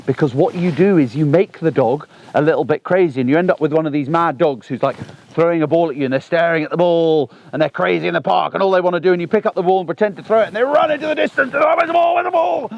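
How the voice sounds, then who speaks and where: A man, talking through a gun dog training session outdoors on a lawn, chatty and animated. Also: fairly high pitch, fast talker, creaky, muffled recording. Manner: chatty and animated, bursts into excited exclamations.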